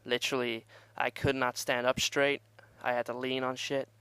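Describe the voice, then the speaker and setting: A man's voice: medium pitch, little pitch movement, moderate pace, bright, forceful tone, clean tone, dry recording. A young man telling a rambling, profane party story in casual vlog style and laughing at himself. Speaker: vlogger.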